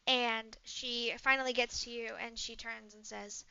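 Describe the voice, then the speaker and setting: Bright-voiced woman game master. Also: fairly high pitch, a little slow, vocal fry, few pauses, clear, resonant tone, no room sound, muffled recording. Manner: relaxed, with many fillers. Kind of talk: narrating a tabletop role-play.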